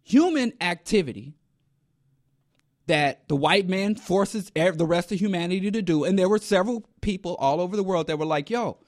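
A man's voice: high-pitched, animated, normal speed. A man delivering a ranting political monologue, emphatic and sarcastic, full of street slang. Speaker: commentator.

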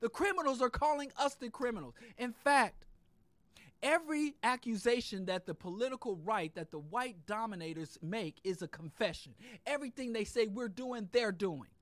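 A man delivering an impassioned political monologue, fiery and profane, hammering points in repetitive lists and dropping into low muttered asides. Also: expressive, normal speed, no echo. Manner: swings between loud outbursts and low muttered asides. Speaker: podcast host.

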